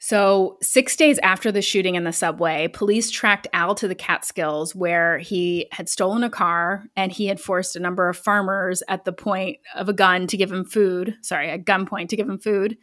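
A woman recounts a tale on a podcast in an easy, conversational way. She tosses in asides and quick corrections. Her voice sits at an ordinary middle pitch. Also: fairly even intonation, fairly bright tone. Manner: chatty, retells a story with asides and self-corrections. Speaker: podcast co-host. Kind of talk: casual storytelling chat.

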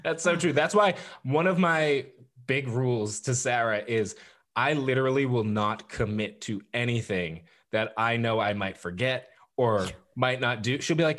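A man's voice: medium pitch, moderate pace, a bit bright. A man co-hosts a podcast in a mid-range voice. He chats in a loose, joking way and pokes fun at himself. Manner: joking, self-deprecating, laughs often. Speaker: podcast co-host. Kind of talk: casual chat.

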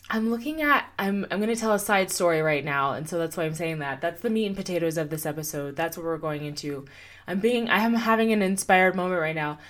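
A young woman hosting a solo motivational podcast, speaking earnestly and encouragingly and putting repeated questions to her listener. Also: lowish voice. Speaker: podcast host and coach.

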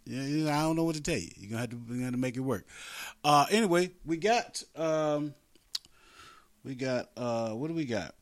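A man's voice: medium pitch, expressive, brisk. A man hosting an internet radio show, talking casually in a rambling, joking way and laughing often.

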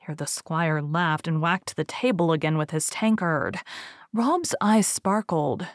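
Woman reading a storybook out loud, low voice, measured and expressive, dry close mic. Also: no echo. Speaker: audiobook narrator. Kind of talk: storybook narration.

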